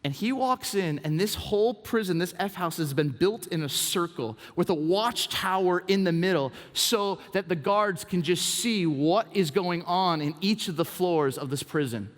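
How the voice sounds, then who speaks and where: A man preaching a sermon as pastor, telling stories in an animated way, swinging from hushed to exclaiming. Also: high-pitched, moderate pace, hardly any pauses. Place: church auditorium. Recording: reverb from a large hall.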